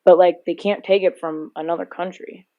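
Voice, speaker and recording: A woman's voice: on the low side, fairly even intonation, moderate pace, narrow, tinny audio. A young woman co-hosting a podcast in casual chat, telling stories at length, often laughing and swearing freely. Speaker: podcast co-host.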